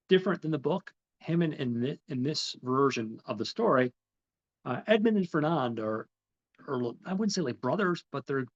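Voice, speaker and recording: A man hosting a podcast, recapping a film in a rambling way with many ums and restarts. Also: on the low side. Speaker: podcast host. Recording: slightly dull, lo-fi recording.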